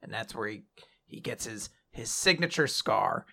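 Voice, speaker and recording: A young man co-hosting a casual manga recap, animated, often laughing and acting out quoted lines. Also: lowish voice, moderate pace, creaky. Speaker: podcast co-host.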